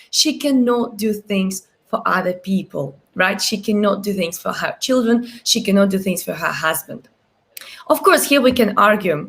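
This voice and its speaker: A woman life coach speaks on a live stream, moving through client stories in a lively, persuasive way. Her pitch leaps up and drops low as she makes her points. She checks in with listeners again and again through short tag questions. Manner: animated storytelling, big pitch swings, frequent tag questions. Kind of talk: live-streamed motivational talk.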